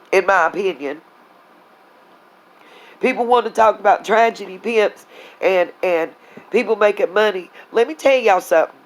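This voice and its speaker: A woman vlogger rants angrily at her viewers in a casual video, blunt and heated, calling them "y'all." Her voice sits at medium pitch and moves at a moderate pace, and the recording is rough.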